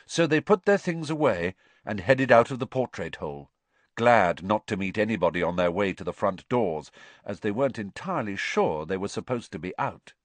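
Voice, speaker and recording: A man narrating an audiobook with expressive storytelling, voicing every character himself. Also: lowish voice, normal speed, dry recording.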